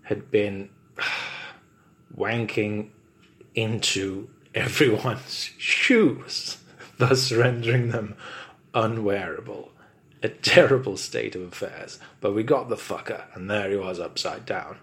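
A man's voice: fairly low pitch, slow pace, fairly bright tone. A man improvising a comic story in a mock-pompous, wordy narrating voice.

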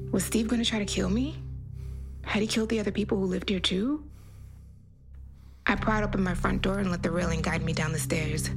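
A woman podcast host reading a first-person horror story aloud in an intense, dramatic storytelling manner. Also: mid-range voice. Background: music.

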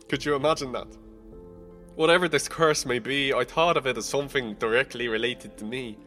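A young man narrating a rhyming spoken-word story, casual and profane, moving between hushed and heated. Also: mid-range voice. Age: young adult.

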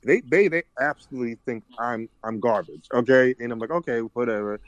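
A man's voice: mid-range voice, brisk, no echo, dull audio. A man guest on a podcast, talking in a reflective, rambling way with frequent restarts. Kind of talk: casual conversation.

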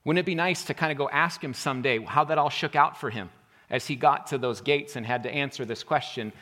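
A male pastor preaching a sermon earnestly, rising to emphatic points and then dropping to a quiet intensity. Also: mid-range voice, fairly quick.

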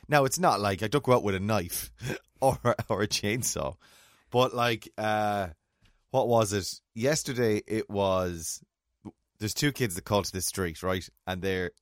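A man's voice: fairly low pitch, dry recording, clean studio sound. A middle-aged man co-hosting a casual chat, telling funny stories with laughs. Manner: storytelling, lively, full of laughs. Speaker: co-host.

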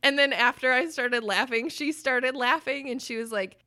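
A young adult woman co-hosting a casual podcast, telling stories with swearing and bursts of loud laughter. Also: high voice, moderate pace, few pauses. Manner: swearing, storytelling, laughs loudly. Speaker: podcast co-host. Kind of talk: casual chat.

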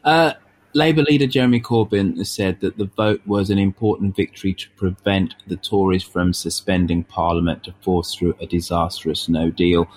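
A man hosting a political discussion, asking questions in a halting way with many fillers. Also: low voice. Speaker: host.

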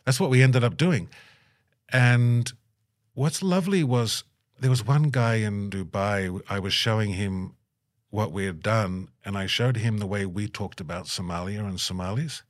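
A middle-aged man in an interview, telling stories with lively energy and acting out the people he quotes. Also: fairly low pitch, normal speed. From Australia. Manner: animated, puts on voices when quoting people. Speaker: guest. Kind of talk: storytelling interview.

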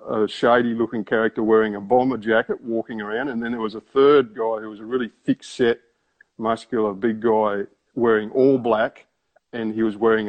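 A man's voice: on the low side, dull audio. A man with an Australian accent telling a story in a wry, conversational way full of asides. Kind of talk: casual spoken storytelling.

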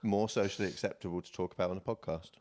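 Man, lowish voice, co-host, casual storytelling, acts out the voices in his anecdotes. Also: fairly even intonation, very fast, darkish tone. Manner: telling an anecdote, acting out quoted voices. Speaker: podcast co-host.

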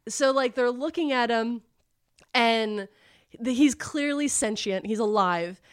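A woman's voice: a little high, takes it slowly, smooth, no room sound, studio quality. Chatty woman rambling through a story. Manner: rambling, filler-heavy, acts out character lines. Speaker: podcast co-host retelling a novel. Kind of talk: casual storytelling chat.

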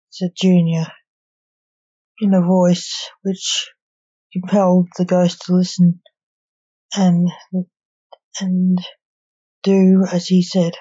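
A woman reading a storybook narration in a calm, unhurried way. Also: on the low side, slightly rough. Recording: dull lo-fi recording.

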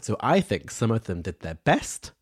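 Man, lowish voice, dry close sound, earnest, chatty co-host. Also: sing-song, normal speed, no room sound. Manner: gently scolding, earnest. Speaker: podcast co-host. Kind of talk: casual chat.

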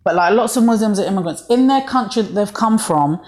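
A comedian guest from East London, speaking with a London accent, tells stories in a casual podcast chat. Her medium-pitched, darkish voice moves a little fast with lively intonation, and she's a chatty storyteller who acts out voices in her anecdotes.

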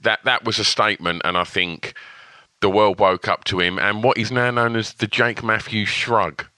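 A man's voice: lowish voice, steady tone, moderate pace, bright, forceful tone, no echo. A man co-hosting a podcast, chatting casually, laughing often and restarting his sentences. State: sore throat. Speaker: podcast co-host. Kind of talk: casual chat.

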